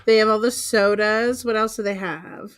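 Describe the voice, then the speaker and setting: A woman co-hosting a livestream in casual chat, reading menu items aloud slowly and chatting. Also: medium pitch, steady tone, smooth. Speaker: co-host of a reseller livestream.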